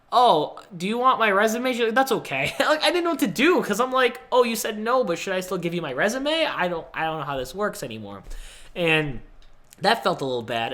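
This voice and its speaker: A young man hosting a podcast, casually telling a personal story and acting out the people he quotes with big pitch jumps. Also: bright, forceful tone. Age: young adult. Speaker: podcast host.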